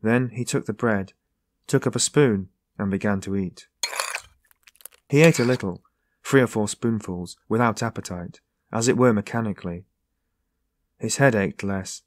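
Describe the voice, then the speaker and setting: A man reading a classic novel aloud in a measured, even narration. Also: fairly low pitch, no echo. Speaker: audiobook narrator. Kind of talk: scripted narration.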